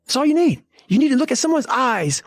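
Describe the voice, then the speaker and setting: Raspy, high-voiced man telling a story. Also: sing-song, fast. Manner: intense, profane, blunt. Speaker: podcast guest telling a story. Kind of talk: casual storytelling in a podcast interview.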